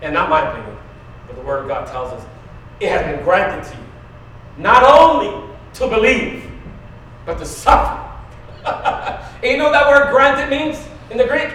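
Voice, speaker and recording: A man preaching a conversational sermon, going from quiet to loud, asking the congregation questions and laughing often. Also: very high-pitched, slight background noise. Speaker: pastor. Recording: very echoey room, mic at a distance.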